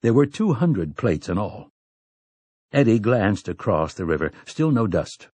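Low, husky male audiobook narrator. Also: no room sound. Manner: measured, even reading. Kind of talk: scripted narration.

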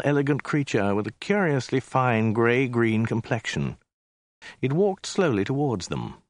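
A male narrator reading a comic tale aloud. His delivery is dry and deliberate, and his voice moves animatedly up and down. The recording is close and free of room sound. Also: on the low side, no room sound. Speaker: audiobook narrator.

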